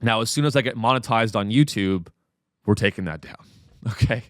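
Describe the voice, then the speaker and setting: A man's voice: on the low side, fairly quick, no room sound, studio quality. A man hosting a podcast in a casual comedic rant, profane and rambling. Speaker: podcast host.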